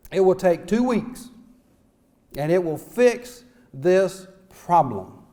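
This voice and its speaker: A middle-aged man speaks as a small-town mayor, pleading his case before a conference audience. His voice sits high for a man, and he drives his points home with folksy phrasing and rhetorical questions. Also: darkish tone. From North Carolina. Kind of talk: impassioned public speech. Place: conference hall.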